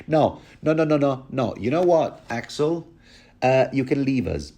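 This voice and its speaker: A man's voice: mid-range voice, lively intonation, unhurried, mellow, pitched above the performer's own voice. A man voicing a stern, short-tempered male king who scolds in clipped, repeated words. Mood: curt.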